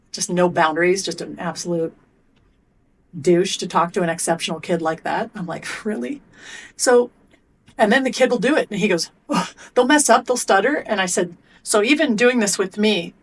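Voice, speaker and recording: A middle-aged woman, interviewed on a podcast as a performance coach, animatedly acts out exchanges between coaches and athletes, blunt and casually profane. She has a lowish voice, and there's slight background noise.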